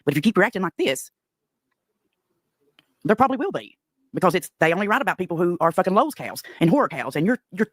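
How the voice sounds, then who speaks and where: Woman, East Tennessee accent, brash profane livestream rant, swooping lively pitch, fast delivery, dry close sound. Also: no room sound. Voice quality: brash, profane Southern drawl.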